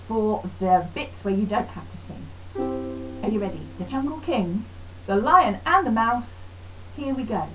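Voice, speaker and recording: A woman teaching a lively online music lesson to young children, encouraging and sing-song. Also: on the high side, a little hiss or hum, rough recording. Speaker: primary school music teacher.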